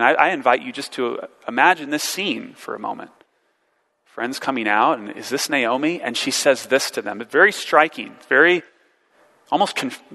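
A man's voice: mid-range voice, creaky, sharp tone, big-room sound. A man preaching a sermon, earnest and searching, posing rhetorical questions and repeating words as he works through a passage.

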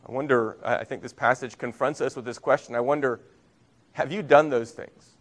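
A man preaching a sermon as a pastor, earnest, rising for emphasis and dropping to soft, low phrases. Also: fairly even intonation, brisk.

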